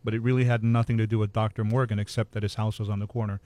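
Measured man telling ghost stories. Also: on the low side, little pitch movement, dark tone, no echo. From Hawaii. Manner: measured, matter-of-fact storyteller. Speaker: ghost storyteller guest. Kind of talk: casual ghost storytelling.

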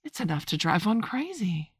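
A woman's voice: mid-range voice, big pitch swings, normal speed, breathy edge, no echo, clean studio sound. A woman voicing a polite, curious young girl, speaking earnestly.

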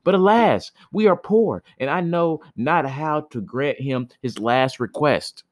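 A man's voice: fairly high pitch, lively intonation, unhurried, dry recording, clean studio sound, pitched above the performer's own voice. A man voicing a poor young boy who pleads earnestly in old-fashioned speech for his dying father. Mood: pleading.

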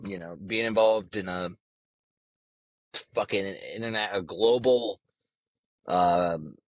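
A man's voice: low voice, takes it slowly, no room sound, low-quality recording. A young man hosting a casual solo podcast, talking in a brash, profane and rambling way. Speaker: podcast host.

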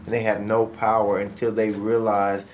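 A man's voice: lowish voice, level tone, moderate pace, highs cut off, a little hiss or hum. A man speaking encouragingly in a casual faith discussion, with a light joking manner.

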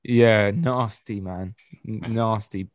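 A man's voice: lowish voice, fairly even intonation, slow pace, no echo. A man chatting casually about films with friends on a podcast, laid-back and swearing freely. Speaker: podcast co-host. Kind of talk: casual film chat.

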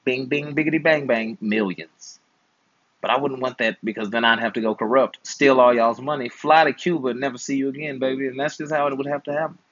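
A man's voice: mid-range voice, fairly even intonation, fast, hardly any pauses, a bit bright, lo-fi sound. A man in his twenties, an uncle hosting a channel, chatting casually and playfully with slangy, teasing advice. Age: 20s. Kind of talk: casual chat while gaming.

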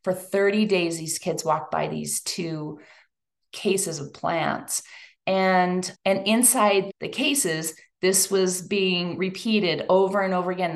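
A woman giving a chatty, emotional talk to a live audience. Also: fairly low pitch. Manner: chatty and emotional, lively asides. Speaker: speaker at a women's event.

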